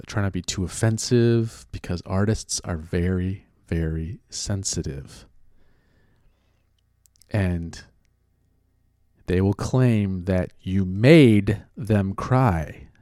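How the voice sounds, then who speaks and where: A man's voice: low voice, dark tone, no echo, clean studio sound. A man from California who works as an actor and writer talks in a casual chat. He is sarcastic and profane, and he rambles with many restarts.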